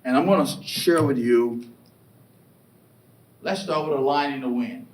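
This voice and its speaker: A middle-aged man giving a motivational keynote, telling stories with lively acted-out voices and questions to the crowd. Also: unhurried. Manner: animated storytelling, acts out voices and asks the crowd questions. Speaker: keynote speaker. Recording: echoey hall, distant mic, faint rumble.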